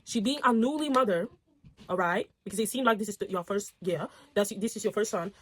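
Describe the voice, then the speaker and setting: A woman's voice: mid-range voice, brisk. A young woman reading online posts aloud and reacting in a casual, outspoken way, swearing and getting heated. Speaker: storytime reactor.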